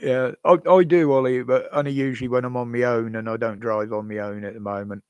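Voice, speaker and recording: A man's voice: medium pitch, fairly even intonation, brisk, smooth, no room sound. An older British man hosting a live stream from home, chatting casually with viewers in a rambling way, chuckling often. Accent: British English. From United Kingdom. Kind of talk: casual chat answering viewers. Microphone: desk microphone.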